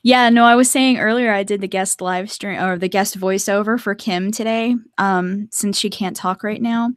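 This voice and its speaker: A woman's voice: medium pitch, steady tone, moderate pace, no echo, studio quality. A young adult woman chatting casually to viewers on a live stream from her art desk at home, laughing often.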